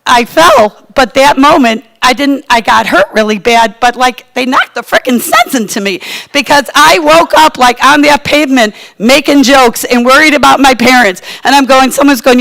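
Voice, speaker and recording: A middle-aged woman tells a personal story in a chatty, self-mocking way. Her fairly high voice has a gravelly fry to it. She sounds casual and comic, as if talking to friends. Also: moderate pace, fairly bright tone, poor audio. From Chicago, USA.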